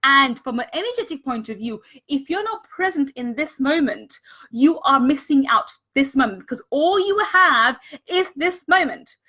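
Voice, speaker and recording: A woman's voice: sits high, lively intonation, normal speed, pushed and bright. A woman giving a live-streamed coaching talk on money mindset, earnest, repeating words for emphasis and greeting viewers as she goes. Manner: greets viewers and thanks them mid-talk.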